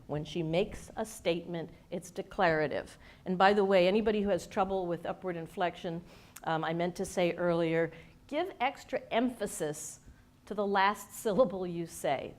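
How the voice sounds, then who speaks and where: A woman speaker and coach giving an animated, emphatic talk with wry humor to a studio audience. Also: fairly low pitch. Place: event space with a studio audience.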